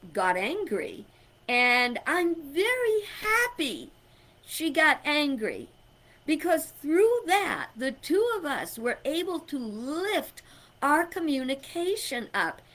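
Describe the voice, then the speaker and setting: A woman's voice: high voice, sing-song, slow, pushed and bright. A middle-aged woman giving an inspirational talk, emphatic and conversational, telling personal stories and chuckling. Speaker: spiritual speaker.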